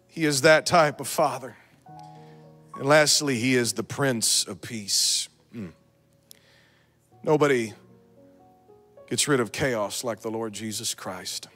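A man, a pastor, preaching a sermon that moves from calm storytelling to fervent altar-call exhortation. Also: medium pitch, takes it slowly, long pauses, soft background music. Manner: builds to fervent shouted exhortation; calm storytelling, quiet asides.

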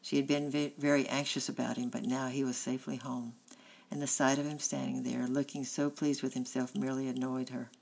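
A woman narrates a children's storybook in a steady, unhurried voice. Her pitch is strikingly low, and a gravelly creak runs under her words. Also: poor audio. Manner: steady, plain reading. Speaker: audiobook reader.

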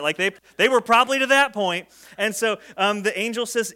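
A man's voice: sits high, normal speed, pushed and bright. A man preaching a conversational sermon, joking and acting out the people in the story. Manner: conversational, jokey, acts out quoted speech. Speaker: pastor.

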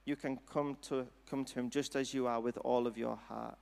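A man preaching a sermon and altar call in a church hall, speaking in an earnest, gentle, unhurried way. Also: medium pitch, fairly even intonation, creaky, smooth. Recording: long hall reverb.

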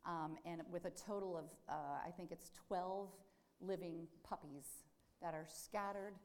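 Lady giving a talk to a group, tells stories, asks the crowd stuff, lowish voice. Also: measured pace. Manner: animated storyteller who asks the audience questions. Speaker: nurse speaking to a group. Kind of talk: storytelling devotional talk.

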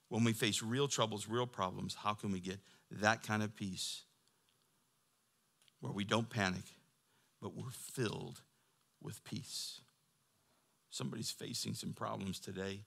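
A man preaching a sermon, moving from quiet storytelling to loud, fervent preaching. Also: lowish voice, creaky. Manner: builds from quiet talk to loud, preaching fervor. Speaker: pastor.

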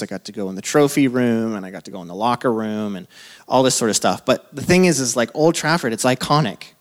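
A man in his thirties who is a pastor, preaching a sermon in a casual, conversational way, full of asides and quick laughs. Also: on the low side. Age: 30s.

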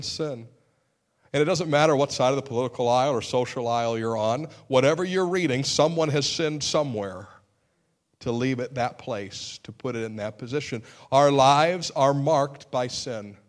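A middle-aged male pastor preaching a sermon in an earnest way, with sudden emphatic outbursts and self-deprecating humor. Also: medium pitch.

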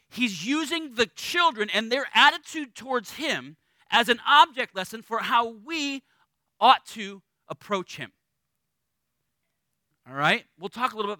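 A middle-aged man preaching a sermon as a pastor, conversational and animated, acting out little voices in his stories. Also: very high-pitched, moderate pace, dry recording.

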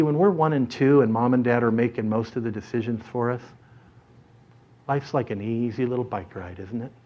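A man preaching a sermon through an animated story in front of a congregation, dramatically shifting his voice as he tells it. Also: mid-range voice. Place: church or hall with an audience. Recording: dull lo-fi recording.

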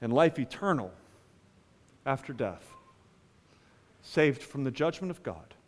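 A man preaching a sermon as pastor, swinging between loud emphatic lines and hushed asides. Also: mid-range voice, sing-song, measured pace, long reverb tail.

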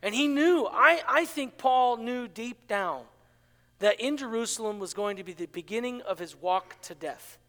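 A man preaching a sermon as pastor, swinging between loud, urgent passages and hushed, quiet lines. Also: very high-pitched, animated, moderate pace. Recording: long hall reverb.

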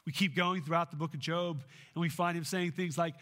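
A man delivering a sermon as a pastor, preaching emphatically with swings in pitch and loudness. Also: fairly even intonation, brisk, hardly any pauses.

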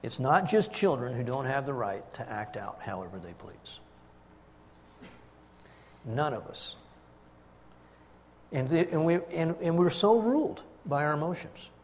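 A man's voice: mid-range voice, a little slow, pauses often. Older guy preaching, swings his voice all over, echoey hall with faint room noise. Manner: storytelling, animated, acts out quotes. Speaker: pastor. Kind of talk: sermon.

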